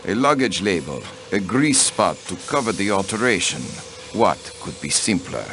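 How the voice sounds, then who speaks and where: An actor playing a haughty count and diplomat in a mystery video game, cold, formal and dismissive. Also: male voice, fairly low pitch, big pitch swings, moderate pace, fairly bright tone, a little hiss or hum. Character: haughty aristocratic male diplomat, protective husband.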